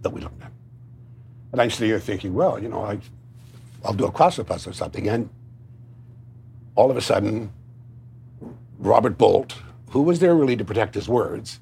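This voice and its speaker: A man with a Cockney accent telling stories at a roundtable, lively and animated, slipping into impressions. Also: lowish voice, moderate pace, creaky, pauses often, a little hiss or hum. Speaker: guest storyteller. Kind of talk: anecdotal roundtable storytelling.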